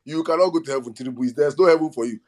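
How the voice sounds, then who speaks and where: A man's voice: fairly high pitch, rapid-fire. A Nigerian man hosting a live audio talk space, giving a fiery, mocking political speech with bits of pidgin.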